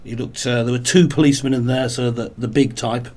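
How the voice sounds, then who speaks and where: A man co-hosting a relaxed talk show, his voice sitting at an ordinary middle pitch. He spins long, meandering anecdotes and drops dry, pedantic quips along the way. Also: a little fast. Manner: rambling storyteller with dry, pedantic wordplay. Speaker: podcast co-host. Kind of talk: casual chat.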